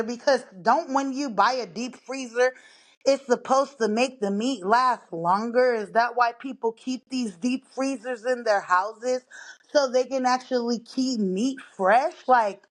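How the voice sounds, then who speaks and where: Breathless, indignant woman ranting. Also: high-pitched. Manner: indignant, exasperated, talks straight to listeners. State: out of breath from walking laps. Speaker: podcast host. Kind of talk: casual ranting monologue. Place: living room at home.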